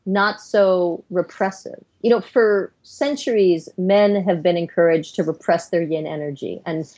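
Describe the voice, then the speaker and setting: A woman's voice: lowish voice, a little slow, darkish tone, lo-fi sound. A middle-aged woman, a psychiatrist guest on a podcast interview, explaining her views earnestly in long, flowing runs.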